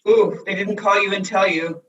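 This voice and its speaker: Bright-toned woman reporter interviewing. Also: medium pitch, fairly even intonation, normal speed, muffled recording. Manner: attentive, brief prompts. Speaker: reporter, host. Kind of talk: conversational interviewing. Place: her bathroom at home.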